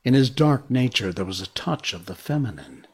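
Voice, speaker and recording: A man reading a storybook aloud in a slow, expressive way. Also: medium pitch, slightly rough.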